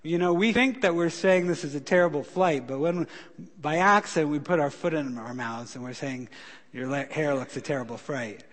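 A man preaching a sermon in a church, his voice carrying a long hall reverb. His pitch sits a little high for a man, and he swings from loud, stretched-out emphasis to quiet pleading as he tells stories to the congregation. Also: moderate pace. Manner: animated storytelling, rises loud for emphasis, drops soft when pleading. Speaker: pastor.

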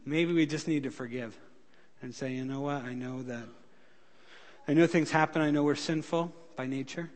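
A male pastor preaching a sermon, telling stories with feeling, rising loud for emphasis and dropping soft when he pleads. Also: on the high side, steady tone, moderate pace. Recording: long hall reverb.

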